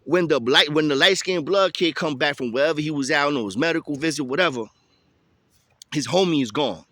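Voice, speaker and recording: Bright-voiced New man telling a story. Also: fairly high pitch, brisk, dry recording. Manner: street slang, animated, tosses in "you feel me". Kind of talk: casual storytime monologue.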